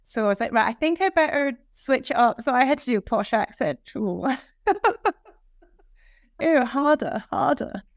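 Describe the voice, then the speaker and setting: A Scottish woman chats as a guest author, her speech eager and expressive. Her voice is fairly high, smooth and clean. The sound is close and dry, with no echo. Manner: enthusiastic, expressive, quick bursts of praise. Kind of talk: casual interview chat.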